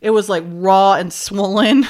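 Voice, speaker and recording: A woman's voice: mid-range voice, steady tone, measured pace, a little mellow. A middle-aged woman co-hosting a casual recap chat, retelling scenes animatedly and acting out quoted lines with frequent laughs. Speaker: podcast co-host.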